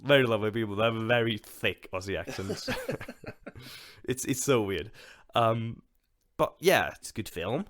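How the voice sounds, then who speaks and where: A man's voice: on the low side, animated, moderate pace, fairly bright tone, no room sound. A man co-hosting a podcast in a casual film discussion. He speaks hesitantly, with many fillers and restarts. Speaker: podcast co-host.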